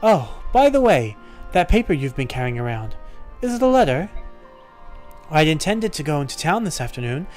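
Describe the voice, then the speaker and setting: A man voicing a stern but caring female deputy commander of mercenaries, calm and commanding. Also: a little high, normal speed, soft background music. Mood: firm, caring. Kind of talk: voicing game dialogue.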